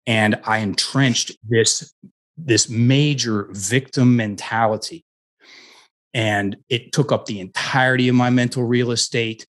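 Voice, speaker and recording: A man's voice: mid-range voice, steady tone, a little slow. A middle-aged man, a guest coach, telling personal stories in an interview, earnest and full of restarts. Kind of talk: conversational storytelling interview.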